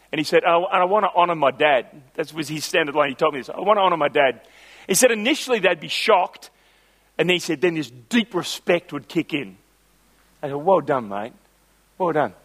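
High-voiced man preaching. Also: fairly bright tone. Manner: storytelling, swelling to emphatic preaching. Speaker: pastor. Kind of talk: sermon.

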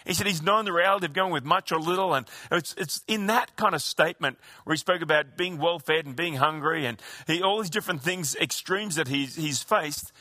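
High, bright-voiced man preaching. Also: brisk, few pauses, no room sound, studio quality. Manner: earnest, conversational preaching with many restarts. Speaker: pastor. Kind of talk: sermon.

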